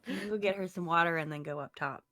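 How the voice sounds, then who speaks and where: A young adult woman with a fairly low voice plays at the tabletop, sounding eager and enthusiastic. Her questions come out quick and earnest. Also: bright, forceful tone, dry recording. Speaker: player. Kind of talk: casual chat at a tabletop game.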